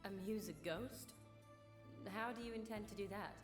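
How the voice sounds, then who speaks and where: An actress playing a composed young female doctor in a video game, measured and precise in her speech. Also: medium pitch, over music, natural voice.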